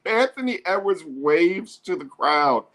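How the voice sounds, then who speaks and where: A man hosting a sports show, commenting live on a basketball game in an excitable way and often repeating himself. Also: high-pitched, measured pace.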